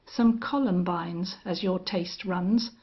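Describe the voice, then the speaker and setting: A woman reading an audiobook western voices a grim older gunfighter who speaks in a cold, monotonous way. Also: lowish voice, slow pace, slightly rough, lo-fi sound. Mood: menacing. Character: grim, steely older male gunfighter and hunter.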